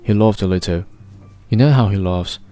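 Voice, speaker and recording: A man's voice: on the low side, moderate pace, dark tone, soft background music, natural voice. A man voicing a distraught little round man who gasps and pleads. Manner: gasping, pleading.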